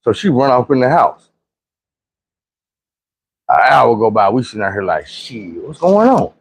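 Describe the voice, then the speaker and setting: A man from Arkansas spins a casual storytime tale full of profane slang. His pitch swoops all over the place as he acts out everyone he quotes. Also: animated, normal speed, creaky, breathy edge.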